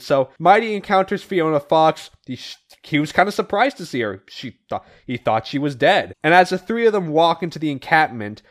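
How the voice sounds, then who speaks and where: A man co-hosting a podcast, casually retelling comic book issues with animated voiced quotes and the odd swear. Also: a little high. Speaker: podcast co-host recapping comics. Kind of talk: casual comic recap chat.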